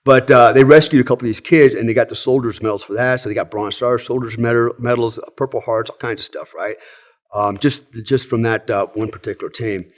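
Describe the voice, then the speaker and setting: A man's voice: mid-range voice, fairly even intonation, brisk. A man in his sixties, a podcast guest telling old army stories in a frank, rambling way, often tagging sentences with "right?". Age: 60s. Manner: rambling, tags sentences with "right?" and "you know"; frank, swears casually. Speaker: podcast guest, former special forces soldier. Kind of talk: casual storytelling in conversation.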